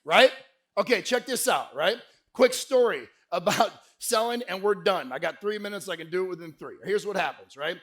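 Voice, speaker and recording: A man giving a lively motivational sales keynote to a live conference crowd, telling stories and pushing the audience to shout answers back. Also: high-pitched, normal speed. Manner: energetic, crowd call-and-response; folksy, peppered with "right?". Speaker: sales speaker.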